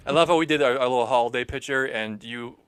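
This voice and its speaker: Quick, emphatic male co-host, mid-pitched, dry close sound. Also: a bit bright, smooth, no echo. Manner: eager, emphatic, teasing. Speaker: podcast co-host. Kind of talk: casual podcast chat.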